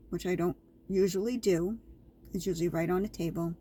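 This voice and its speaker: A woman's voice: lowish voice, fairly even intonation, brisk, warm tone, slight background noise. A woman vlogger casually telling her viewers a story, chatty and repetitive, with an indignant edge.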